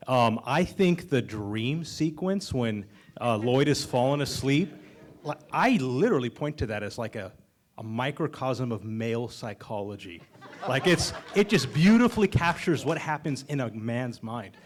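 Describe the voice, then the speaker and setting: A man's voice: medium pitch, animated, normal speed. A man in a cinema audience sincerely praising a film before asking his question. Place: cinema auditorium.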